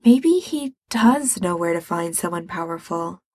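A woman narrating a story in a soft, measured reading voice. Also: on the low side, expressive, slightly rough, no echo.

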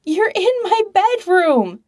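Flustered defensive young man, read by a woman, slow-paced, mellow low tone. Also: very animated, full character voice. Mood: indignant.

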